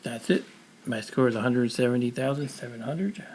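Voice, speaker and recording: A man's voice: mid-range voice, moderate pace, background noise. A man with a New York accent, casually chatting to a live-stream audience while playing a retro game, thinking aloud as he goes.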